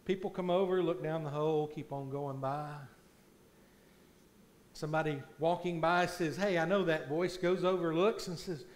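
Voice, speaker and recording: A man preaching a sermon as pastor in a church, slow and deliberate, swelling loud on key points. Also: a little high, steady tone. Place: church sanctuary.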